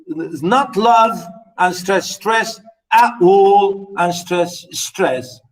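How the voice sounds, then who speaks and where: Male lecturer with a high voice, repeats points and quizzes the class; recorded from across the room. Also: animated, drawn-out words. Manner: repetitive, rhetorical questions, many "you know"s. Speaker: literature lecturer. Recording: voice from far off the mic.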